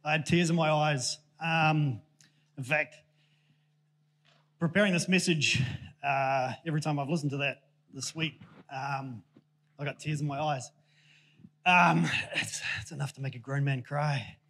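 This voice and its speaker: A man's voice: fairly high pitch, fairly even intonation, a little slow, pauses often, fairly bright tone. A man giving a casual, joking sermon to a church congregation, chatty and self-deprecating with plenty of ums. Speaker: preacher.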